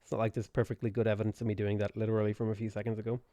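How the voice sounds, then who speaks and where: A man's voice: on the low side, monotone, very fast, mellow, dry recording, studio quality. A man live-streaming a strategy game, chatting playfully and answering viewers' questions as he plays.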